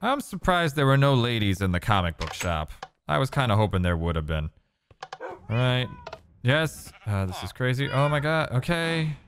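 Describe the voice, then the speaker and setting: With a medium-pitched voice at normal speed and some background noise, a man narrates his gaming casually. The let's play gamer is animated, exclaiming and muttering to himself while playing.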